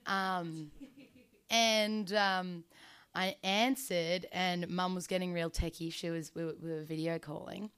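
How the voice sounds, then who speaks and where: A woman's voice: on the low side, fairly even intonation, slow, a bit bright, clear, resonant tone. Rambling young woman telling a story. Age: 20s. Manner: rambling, casual, lots of ums and likes. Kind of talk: unscripted personal storytelling.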